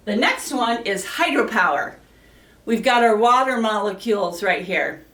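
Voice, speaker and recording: Woman teacher leading slow chants, echoey room. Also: medium pitch, animated, fairly bright tone. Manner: leads chants with slow, drawn-out rhythmic chanting. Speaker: energy educator. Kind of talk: classroom lesson with chants. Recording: echoey room, mic at a distance.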